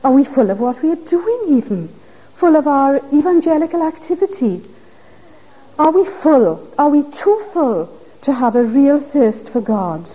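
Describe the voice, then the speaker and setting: A woman's voice: high-pitched, sing-song, a little slow. A woman preaching a sermon, pressing her listeners with earnest, pleading questions. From Wales. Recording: dull lo-fi recording.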